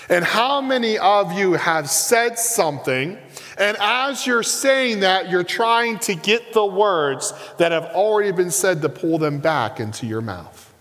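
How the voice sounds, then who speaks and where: A man preaching a sermon as pastor, animated and asking his listeners rhetorical questions. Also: on the high side, in a large hall.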